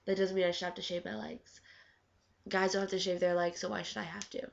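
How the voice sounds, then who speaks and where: A woman's voice: on the low side, flat delivery, fast talker, vocal fry, slight background noise. A teenage girl chatting casually in a vlog, full of "like" fillers and acted-out quotes. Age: teens. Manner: chatty, lots of "like", acts out quoted talk. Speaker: vlogger. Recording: dull lo-fi webcam audio.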